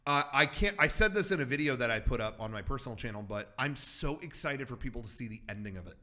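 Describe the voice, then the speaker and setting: A man's voice: mid-range voice, fast talker. A man in his thirties co-hosting a casual podcast chat, swearing freely and acting out the lines he retells. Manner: animated storyteller, acts out quotes, swears freely. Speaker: podcast co-host.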